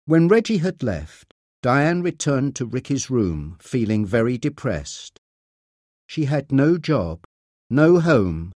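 Slow expressive male narrator. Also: mid-range voice, no echo, studio quality. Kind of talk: audiobook reading.

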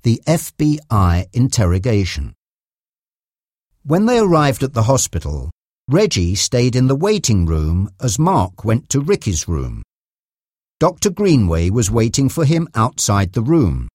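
Man, audiobook narration, steady, slow pace, very lively pitch, dry close sound. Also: slightly rough, no room sound. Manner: steady, even storytelling. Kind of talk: scripted narration.

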